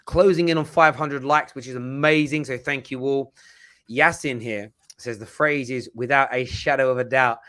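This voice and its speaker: A man's voice: mid-range voice, steady tone, moderate pace, a bit bright. A man hosting a football live stream in casual chat, often stumbling and repeating words.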